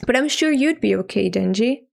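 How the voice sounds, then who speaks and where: A woman voices a teenage girl who has given up and accepted her death. The read is flat and tired with a gravelly edge. It stays low-key, a storybook reading. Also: normal speed. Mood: resigned.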